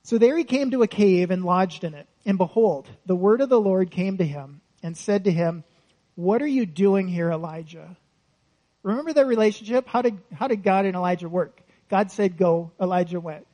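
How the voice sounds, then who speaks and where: A man preaching a sermon in a relaxed, conversational way, often asking the congregation questions and laughing lightly between points. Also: high-pitched, brisk, hardly any pauses, poor audio.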